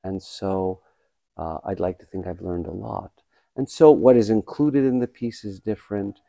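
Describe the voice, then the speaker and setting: A man in his fifties, a pianist and playwright, giving thoughtful, measured answers in an interview with many pauses. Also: sits low, fairly even intonation, creaky, warm tone, no echo. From Canada. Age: 50s. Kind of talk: conversational interview.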